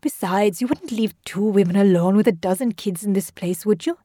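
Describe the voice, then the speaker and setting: A woman reading the lines of a level-headed, steely woman professor in an audio drama, speaking calmly and deliberately. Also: mid-range voice, dry recording, clean studio sound, close to an everyday voice. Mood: steady. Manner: calm, deliberate.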